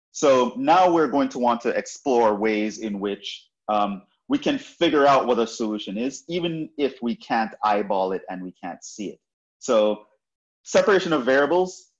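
A man gives a university math lecture, explaining step by step, repeating points, and often checking in with "right?" His voice is medium in pitch, and the sound is lo-fi.

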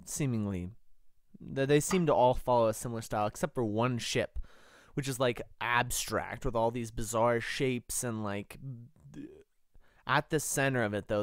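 A male game master narrates and jokes at the table in a loose, rambling way. His voice is low and gravelly yet smooth, and he speaks slowly. The mic is close and dry. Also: no room sound. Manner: joking, rambling, many fillers.

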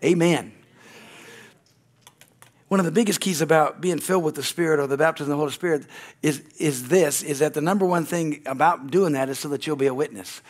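A middle-aged American man preaches with fervor, dotting his sermon with amens and hallelujahs. His voice sits a little higher than most men's. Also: a little fast. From United States. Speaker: pastor. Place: church sanctuary.

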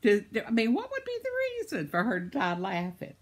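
A woman's voice: medium pitch, wildly swooping pitch, brisk. An older woman telling a rambling everyday story in a chatty vlog, laughing often as she talks. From United States. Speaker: vlogger. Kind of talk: casual storytelling.

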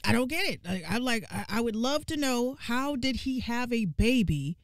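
Animated, swearing woman doing game commentary. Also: on the high side, normal speed, dry recording, studio quality. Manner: animated, profane, exasperated ranting; vernacular, repeats lines for emphasis. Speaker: gaming commentator.

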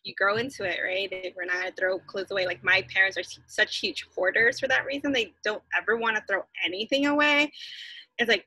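A woman chatting casually in a playful, animated way. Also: mid-range voice, a little fast, breathy edge, dry recording, rough recording. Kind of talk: casual chat.

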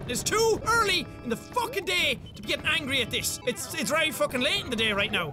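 A man giving frustrated, foul-mouthed gameplay commentary, shouting and swearing at the game, his voice pitched up by editing. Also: very animated, fairly quick, hardly any pauses, music in the background. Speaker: gaming commentator.

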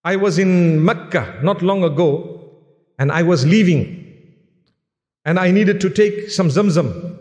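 An Islamic preacher delivers an earnest, exhorting sermon, telling stories with quoted dialogue. His voice sits high with a darkish tone, slow and marked by long pauses, and a long hall reverb surrounds it.

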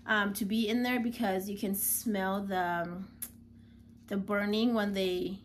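A young woman recounts a personal story, chatty and unpolished, with frequent filler words. Her voice sits at a middling pitch. A faint hiss runs underneath. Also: fairly even intonation, unhurried. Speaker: new mother.

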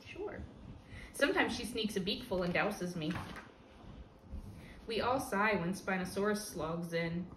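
Woman reading a picture book, slow and roomy. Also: lowish voice, slight background noise. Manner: lively, expressive read-aloud. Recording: roomy echo with faint ambience.

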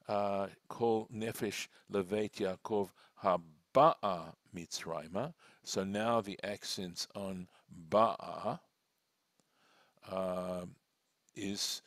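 A man's voice: fairly low pitch, dry recording, clean studio sound. A man teaching a text class as a rabbi, reading lines aloud and then translating and explaining them patiently. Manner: deliberate, with frequent fillers and restarts. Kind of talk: slow, methodical text study.

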